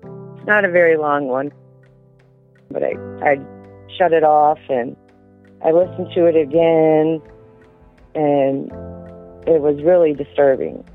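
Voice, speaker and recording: A woman recounting events in an interview, speaking haltingly with frequent pauses. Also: sits low, steady tone, soft background music. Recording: tinny phone-line audio.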